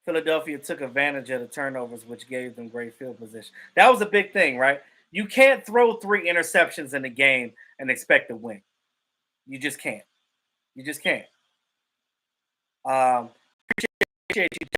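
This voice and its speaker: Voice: medium pitch, moderate pace, bright, forceful tone. A live stream host giving casual sports commentary and greeting chat viewers. The host is emphatic and profane and repeats points for effect.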